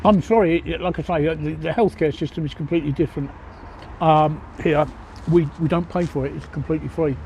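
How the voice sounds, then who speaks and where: An older man chats bluntly through his phone, answering viewers' questions one after another. His voice sits a little high but sounds mellow and relaxed. Faint city traffic hums behind him. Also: a little fast. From England. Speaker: livestreamer. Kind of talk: casual live Q&A chat. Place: outdoors at a pub in a city.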